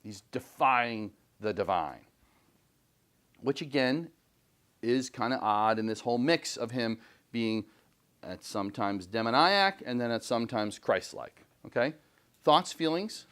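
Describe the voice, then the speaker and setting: A man teaching a high school English class, chatty and full of questions to the students. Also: expressive, unhurried, a bit bright. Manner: chatty, questioning, frequent "right?". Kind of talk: classroom lecture and discussion.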